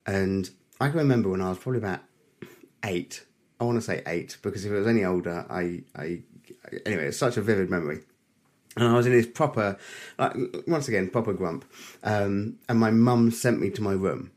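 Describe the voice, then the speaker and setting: A man co-hosting a podcast, telling a childhood story in an animated way with sound effects. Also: lowish voice, brisk. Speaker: podcast co-host.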